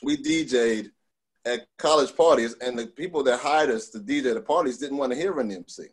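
A middle-aged man from Long Island, telling stories in a casual interview, animated, with many fillers and restarts. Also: mid-range voice, fairly quick, breathy edge. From Long Island, New York. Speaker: guest.

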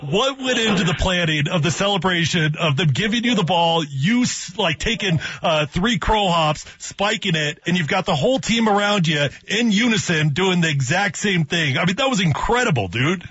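Host: husky, somewhat high male voice, excitable and jokey, dull radio tone. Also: normal speed, hardly any pauses, no echo. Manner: enthusiastic, joking. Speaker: radio show co-host, former player. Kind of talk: casual sports radio chat.

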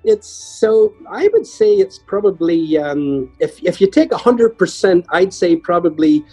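An older man, a guest musician, telling humorous stories in a chatty, lively way. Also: sits high, measured pace, slightly rough, faint music behind, rough recording. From Ireland. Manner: chatty, humorous anecdotes with lively voiced quotes. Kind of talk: conversational storytelling.

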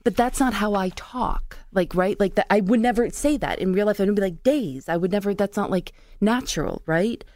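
A woman's voice: mid-range voice, a little fast, hardly any pauses, a little mellow, no echo, clean studio sound. A woman expressively telling a funny anecdote about recording, exasperated and laughing. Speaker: podcast host, interviewee. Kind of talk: storytelling anecdote.

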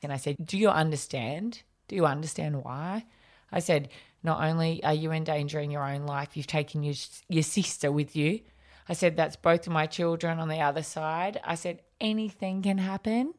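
A woman's voice: low voice, normal speed. A middle-aged woman, chatting casually and acting out dialogue as she tells a story. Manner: animated storyteller, acts out dialogue. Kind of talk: casual chat.

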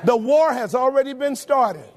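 A man pastor delivering a sermon, questioning the congregation, shouting some lines and dropping to a low murmur on others. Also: animated, normal speed. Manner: preaches with shouted emphasis and sudden drops to a low murmur.

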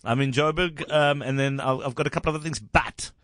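A South African man hosting a radio talk show, thanking callers warmly and getting emotional. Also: fairly high pitch, fairly quick, dry recording, studio quality. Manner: emotional, warm thanks, laughing. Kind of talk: casual on-air chat with callers.

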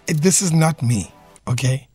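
A man hosting a radio talk show, quizzing his co-hosts in an animated, playful way. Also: a little high, a little slow, slightly rough, dry recording, faint music behind. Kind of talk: casual radio chat.

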